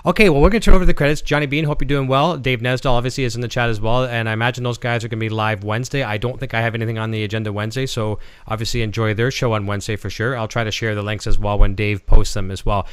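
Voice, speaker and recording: A man's voice: lowish voice, level tone, fast talker, hardly any pauses, fairly bright tone, smooth, no room sound. A man with a Canadian accent hosting a casual livestream chat, signing off in a friendly, rambling way. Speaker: show host.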